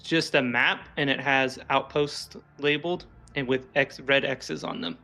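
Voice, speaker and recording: A man's voice: mid-range voice, steady tone, a little slow, gravelly, bright, forceful tone, soft background music. A man narrating as game master in a tabletop game stream, casual and descriptive. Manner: casual, descriptive, laughs often.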